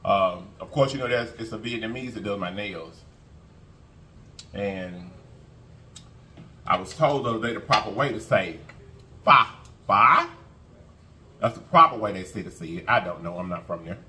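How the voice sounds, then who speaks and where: A man's voice: fairly low pitch, moderate pace, long pauses, sharp tone, a little hiss or hum. A man hosting an eating show, chatting casually to his viewers and humming as he eats. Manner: chatty, folksy, keeps addressing viewers, hums while eating. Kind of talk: casual mukbang chat to viewers.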